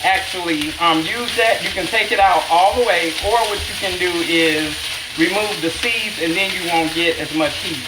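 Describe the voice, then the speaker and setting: A woman's voice: fairly low pitch, normal speed, very noisy. A middle-aged woman chef hosting a home cooking livestream in her kitchen, chatting with viewers by name and teasing herself as she cooks. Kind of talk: live-streamed cooking demo, casual chat. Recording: echoey kitchen with loud sizzling. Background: sizzling skillet.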